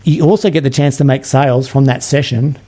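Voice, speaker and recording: A man's voice: medium pitch, fairly even intonation, brisk, mellow. A man with an Australian accent, a podcast guest chatting eagerly and often repeating words as he starts his sentences. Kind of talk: casual interview chat.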